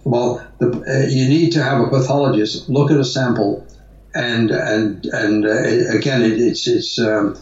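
A man's voice: mid-range voice, steady tone, unhurried, darkish tone, recorded from a distance. A man, a guest, giving long conversational answers in a rambling way, with restarts and fillers, in a roomy, dull-sounding recording made away from the mic. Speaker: guest, natural health advocate.

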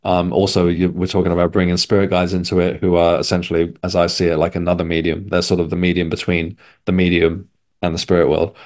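Low-voiced man telling a rambling story. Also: completely flat delivery, fast talker, darkish tone. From England. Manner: rambling, self-correcting storyteller. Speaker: guest. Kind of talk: casual conversation.

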